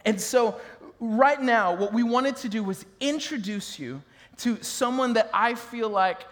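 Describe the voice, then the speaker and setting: A man in his thirties preaching as a pastor, telling funny family stories in a lively, laughing way. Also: very high voice, unhurried, big-room sound. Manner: animated storytelling, laughing with the crowd. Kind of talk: sermon.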